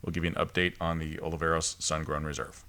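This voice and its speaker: A man's voice: rumbling low, level tone, fast, gravelly, pushed and bright. A man co-hosting a casual review podcast, rambling along with lots of ums and restarts. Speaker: podcast host.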